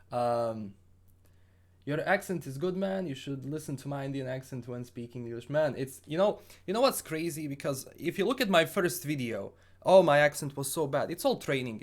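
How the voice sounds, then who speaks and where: A man from Bosnia with a Bosnian accent, hosting a casual gaming livestream and answering viewer questions in an upbeat, rambling way with frequent restarts. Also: mid-range voice.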